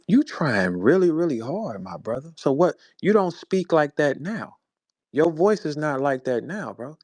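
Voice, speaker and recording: A man in his forties from St. Louis, USA, hosts his own show as a battle rap personality and launches into a heated, profane, mocking monologue. His voice sits on the high side and is sing-song, unhurried and a little mellow. The studio recording is clean with no echo.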